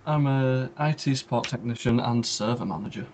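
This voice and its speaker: A man's voice: mid-range voice, moderate pace, darkish tone. Easygoing young man, faint noise behind. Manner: easygoing, laughing, self-correcting. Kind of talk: casual chat.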